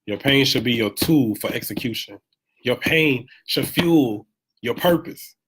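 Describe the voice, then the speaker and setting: A man talking casually in a preachy, animated motivational monologue, live from home, repeating phrases for emphasis. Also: mid-range voice, unhurried, husky.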